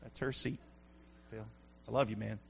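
A male pastor preaching a sermon in church, building to shouted peaks. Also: fairly low pitch, steady tone, normal speed, gravelly, breathy edge, lo-fi sound.

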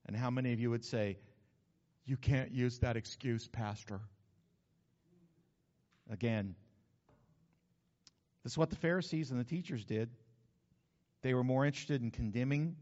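A man preaching a sermon as pastor, lively and conversational with asides to the congregation. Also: medium pitch, moderate pace, long pauses. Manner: animated preaching with asides and acted-out quotes. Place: church sanctuary. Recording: dull sound with long hall reverb.

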